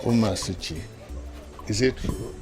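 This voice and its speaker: A man's voice: lowish voice, a little slow, over music, natural voice. A man playing a pleased Nigerian uncle. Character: approving middle-aged uncle blessing a marriage.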